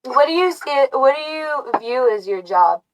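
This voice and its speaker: A woman live streaming from a dark room, chatting casually, musing and often laughing or humming to herself. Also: high-pitched, expressive, a little slow. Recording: voice from far off the mic.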